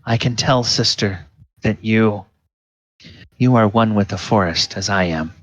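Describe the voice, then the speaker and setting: A woman's voice: rumbling low, a little slow, dry recording, muffled recording. A man voicing a prim, flustered woman clerk who is fussy about documents, talking hesitantly with stammers in a tabletop game. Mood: solemn.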